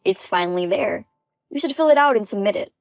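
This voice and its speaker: A woman reading the lines of a smug, bullying ex-husband in his forties for a text story, in a gravelly, dry voice. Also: mid-range voice, animated, a little fast, dry recording. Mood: pushy.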